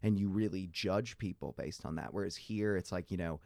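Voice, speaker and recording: A man chatting casually, telling animated stories with many fillers. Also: deep voice, fairly quick, creaky, dry recording. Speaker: guest. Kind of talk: casual conversation.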